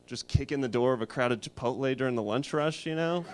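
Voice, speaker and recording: Dry, deadpan man in his thirties. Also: mid-range voice, a little fast, slight background noise. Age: 30s. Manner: dry, deadpan delivery with restarts. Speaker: stand-up comedian. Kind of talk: stand-up comedy set. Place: music studio.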